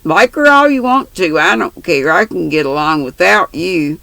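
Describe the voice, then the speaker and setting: A woman voicing a blunt, rough-talking orphan girl with plain country grammar, reading a storybook aloud. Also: fairly low pitch, animated, moderate pace, fairly bright tone, no room sound, poor audio. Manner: plain-spoken, rustic grammar.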